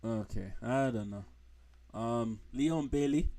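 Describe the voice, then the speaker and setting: A man's voice: mid-range voice, unhurried, darkish tone. A man streaming from home, rambling frankly through football players with slang and blunt put-downs. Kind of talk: casual live-stream commentary.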